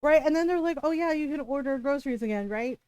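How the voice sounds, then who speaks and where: Speaking fast in a high-pitched voice with a darkish tone, a woman livestreamer chats her way through a story. "Like" and "right?" pepper her talk, and she swears freely when exasperated. There's no room sound.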